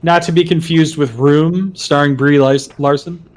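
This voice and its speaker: A man's voice: fairly high pitch, fairly even intonation, unhurried. A man in his thirties, a guest on a let's-play stream, chatting casually and joking while laughing easily. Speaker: co-host guest. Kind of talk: casual gameplay chat.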